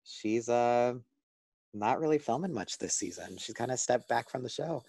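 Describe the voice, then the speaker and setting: A man co-hosting a podcast in casual chat, delivering things enthusiastically with quick asides. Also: mid-range voice, animated, creaky, darkish tone. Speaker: podcast co-host.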